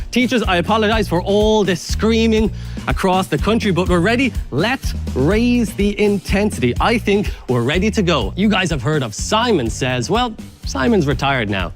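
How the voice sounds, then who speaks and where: An Irish man presenting science to children, leading an energetic, playful warm-up with jokes and instructions. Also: sits high. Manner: upbeat, playful, joking instructions.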